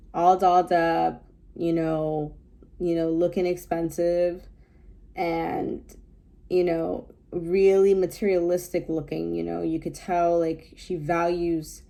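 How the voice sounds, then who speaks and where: A woman's voice: low-pitched, vocal fry, warm tone. A woman giving casual reaction commentary on a clip, thinking aloud in a loose, rambling way. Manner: thoughtful, rambling with many fillers.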